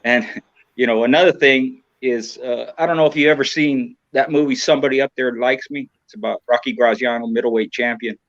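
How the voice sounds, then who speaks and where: A man's voice: mid-range voice, fairly even intonation, brisk, fairly bright tone, no echo. Frank, profane older man on a dull line. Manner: rambling, frank and profane, full of "you know". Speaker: podcast guest. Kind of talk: casual chat. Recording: dull, lo-fi, dry sound.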